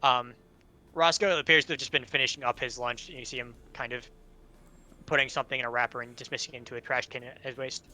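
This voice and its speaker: A man narrating as game master of an online tabletop game, relaxed and hesitant with fillers. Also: mid-range voice, fast talker, rough recording.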